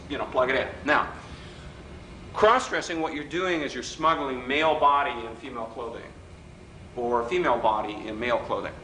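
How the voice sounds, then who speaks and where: A middle-aged man giving a live workshop lecture in a hotel function room, an animated, wisecracking storyteller who mimics the people in his stories. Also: mid-range voice. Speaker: workshop speaker. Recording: roomy hall recording with faint background noise.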